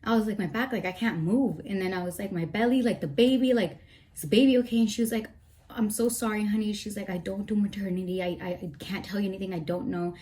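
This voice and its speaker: A woman's voice: mid-range voice, fast, dark tone. A young woman vlogger telling an emotional story, tearful and rambling as she recounts it. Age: young adult. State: teary. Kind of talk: storytime vlog.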